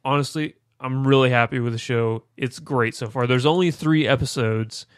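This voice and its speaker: A young man hosting a casual podcast, joking with friends and giving a relaxed TV review. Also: mid-range voice, moderate pace, clear, resonant tone, no room sound, studio quality. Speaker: podcast host.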